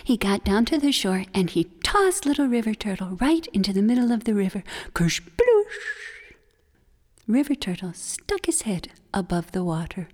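A woman storyteller telling a folk tale for children, expressive, slipping into breathy whispers. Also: mid-range voice, a little fast, few pauses. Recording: long hall reverb.

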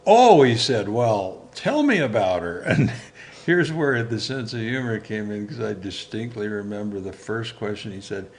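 An older man telling a personal story as an interview guest, animated and chuckling, acting out the dialogue he remembers. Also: fairly low pitch, moderate pace, slight background noise.

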